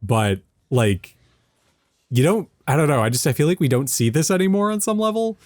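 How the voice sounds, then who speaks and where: A man's voice: a little high, animated, normal speed, darkish tone, dry recording. A young man co-hosting a casual film commentary, joking around and now and then slipping into a silly Southern drawl. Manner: jokey, riffs with put-on Southern drawl bits.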